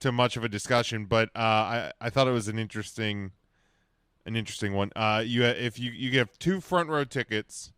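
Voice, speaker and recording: A man's voice: fairly low pitch, fairly bright tone, clear, resonant tone, dry recording, studio quality. A man co-hosting a casual podcast chat, rambling and repeating words as he sets up questions. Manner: rambling, repeats words when starting sentences. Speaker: podcast co-host.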